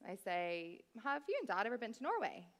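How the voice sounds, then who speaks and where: A woman's voice: mid-range voice, big pitch swings, fairly quick, a bit bright. A woman in her thirties, telling a comic, wry story on stage as a cabaret performer and speaking straight to the audience. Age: 30s. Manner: chatty, wry, addresses the audience directly. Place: theatre stage.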